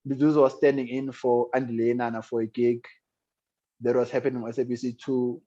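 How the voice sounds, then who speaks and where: This guest musician has a South African accent and a mid-range, mellow voice with a flat, brisk delivery. He tells his story in an interview in a reflective, earnest way. The recording sounds dull and lo-fi.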